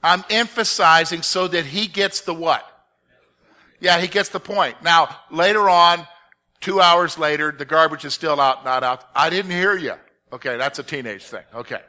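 A middle-aged man teaches an interactive Bible study in a bright, forceful voice that sits a little high for a man. He repeats key points for emphasis and keeps quizzing his listeners. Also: fairly even intonation, moderate pace.

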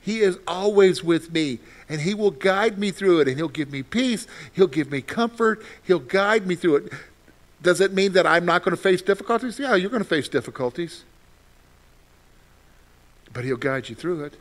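A man preaching a sermon as pastor, acting out frantic prayers and then dropping to soft, reassuring words. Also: high-pitched, lively intonation, moderate pace.

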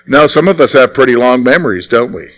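A man preaching a sermon in an animated, conversational way, often putting rhetorical questions to his listeners. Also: medium pitch, fairly quick, rough recording.

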